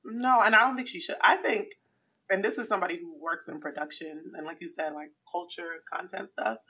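A woman in casual podcast chat, telling stories in an animated, slangy way with frequent laughs. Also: lowish voice, a little fast, slightly rough. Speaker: podcast guest.

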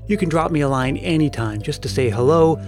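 A man's voice: a little high, animated, brisk, over music. A man narrating a serialized old-time story as the host of a podcast, lightly giving voice to the characters.

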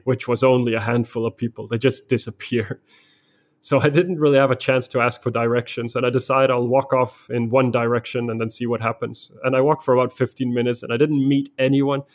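A man's voice: medium pitch, steady tone, fairly quick. A man from Denmark, a guest in a conversation, telling a story vividly in the present tense.

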